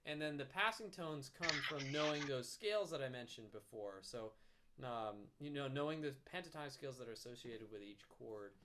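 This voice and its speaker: A man giving a relaxed music lesson, explaining soloing with fillers and now and then humming or singing a snippet. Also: medium pitch, brisk, slight background noise. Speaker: music teacher. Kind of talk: casual instrument lesson. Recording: faint guitar music behind.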